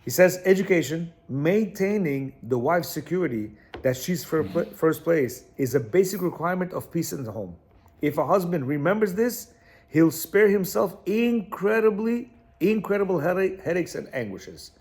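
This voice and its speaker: A man reads a passage aloud to a class and unpacks it in his own words. His voice sits high and leaps up and down with lively energy. He repeats key phrases and keeps checking in with his listeners. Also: normal speed. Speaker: religious class teacher. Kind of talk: reading and explaining a text to a class.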